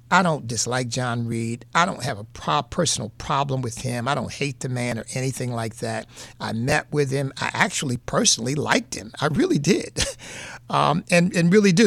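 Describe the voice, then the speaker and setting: Gravelly earnest man with a New England accent. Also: medium pitch, a bit bright, no echo. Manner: earnest, folksy, repeats points for emphasis. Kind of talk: political commentary monologue.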